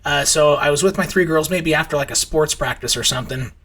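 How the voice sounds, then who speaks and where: Thirties male host, casual and rambling; bright, slightly husky tone. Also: a little fast. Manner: rambling, many fillers and restarts; acts out his kids' voices in high squeals. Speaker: crypto trading channel host. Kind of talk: casual storytelling and chart commentary.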